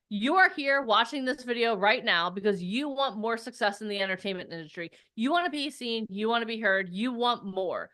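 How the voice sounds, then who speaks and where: A woman hosting a live virtual event as its publicist, energetic and talking straight to viewers with repeated calls to comment and join. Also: fairly high pitch. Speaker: host and publicist.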